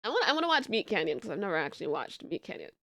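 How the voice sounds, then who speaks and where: A young woman streamer chatting casually with her viewers, telling stories in animated, laughing rants. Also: medium pitch, very fast, dry recording, studio quality. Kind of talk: casual live-stream chat.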